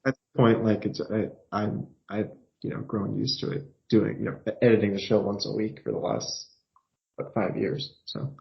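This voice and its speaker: A man hosts a casual podcast conversation in a low, gravelly voice. His delivery is measured and dry. The sound is a little dull and lo-fi. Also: steady tone. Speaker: podcast host and editor. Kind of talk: casual chat.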